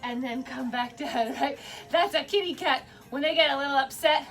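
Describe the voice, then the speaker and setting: A woman's voice: high voice, moderate pace, fairly bright tone, soft background music. A woman teaching children a dance storytime from her basement, playful and encouraging, laughing often and making animal sounds. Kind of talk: guided movement storytime for kids. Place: home basement.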